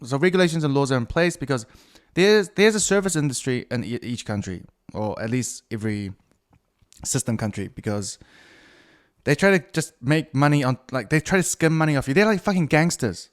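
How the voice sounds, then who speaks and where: A man's voice: mid-range voice, fairly quick. Rambling, profane middle-aged man. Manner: profane, rambling, self-mocking. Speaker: podcast host. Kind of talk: casual solo podcast monologue.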